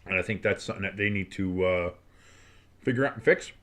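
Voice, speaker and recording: A man from America calling a football game live for a stream, chatting with viewers between plays, blunt and swearing, breaking into loud excitement at times. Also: low-pitched, brisk. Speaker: play-by-play streamer. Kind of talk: casual live play-by-play and reaction.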